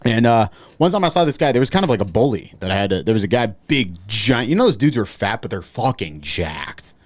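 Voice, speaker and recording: A man's voice: lowish voice, sing-song, brisk, no room sound. A man on a comedy podcast telling a rambling, profane story with bits of hardboiled noir voice. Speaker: podcast co-host.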